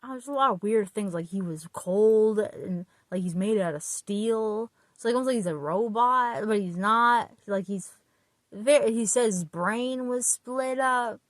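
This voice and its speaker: A woman chatting casually about a book while getting ready, retelling it in a rambling, excited way with restarts. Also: a little high, unhurried, no room sound. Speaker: vlogger.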